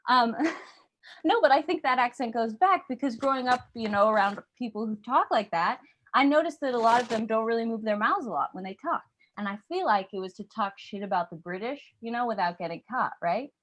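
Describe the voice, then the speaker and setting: A young woman doing a stand-up comedy set, animated and slipping into accent impressions. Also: on the high side, brisk.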